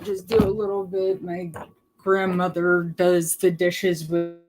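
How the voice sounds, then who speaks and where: A woman's voice: lowish voice, level tone, slow pace, music in the background, low-quality recording. A woman live streaming, rambling casually to her chat in a blunt, profane way. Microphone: laptop mic.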